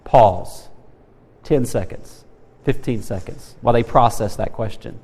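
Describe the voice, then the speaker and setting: A man's voice: medium pitch, unhurried, slightly rough. A man teaching a Sunday school Bible lesson, asking the class questions and acting out quotes. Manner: animated, asks the class questions, acts out quotes. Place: church room. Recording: long hall reverb.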